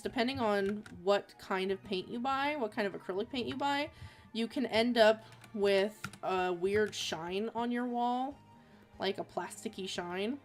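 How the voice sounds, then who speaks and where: A woman streaming as an artist, chatting casually while drawing, rambling with lots of fillers. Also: on the high side.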